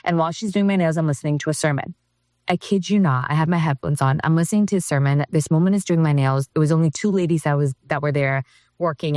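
A woman's voice: sits low, a little mellow, no echo, clean studio sound. A woman telling a personal faith story as an interview guest, earnest and vivid.

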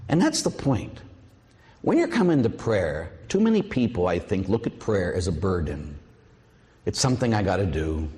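A middle-aged man, a priest, preaching a sermon with lively storytelling and acted-out voices. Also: lowish voice, long reverb tail. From Pittsburgh, USA.

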